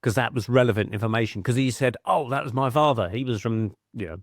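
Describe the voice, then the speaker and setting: A man's voice: medium pitch, quick pace, no room sound, clean studio sound. A middle-aged man, a podcast guest telling chatty anecdotes and acting out quoted voices. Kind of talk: casual storytelling.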